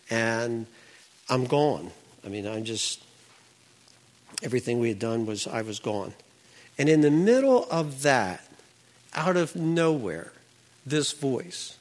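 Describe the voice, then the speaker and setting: An older man telling an earnest personal faith testimony, his voice climbing when he relives the moment. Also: medium pitch.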